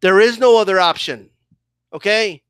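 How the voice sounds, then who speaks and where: A man's voice: high voice, normal speed, fairly bright tone, clean tone, no room sound. Fired-up man ranting about boxing. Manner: fired up, repeats "okay?" and "right?". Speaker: boxing commentator. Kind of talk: heated opinion rant.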